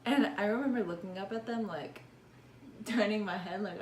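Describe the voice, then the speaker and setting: A woman's voice: mid-range voice, normal speed, a little mellow, slight background noise. A young woman vlogger telling a casual storytime, chatty, swearing often and laughing between lines. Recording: echoey room.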